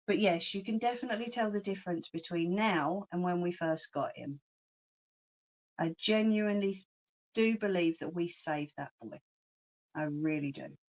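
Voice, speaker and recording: A woman's voice: on the low side, normal speed, a little mellow. A woman with a London accent, chatting casually on a livestream, reading out comments and laughing often with cheeky slang. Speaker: craft channel host.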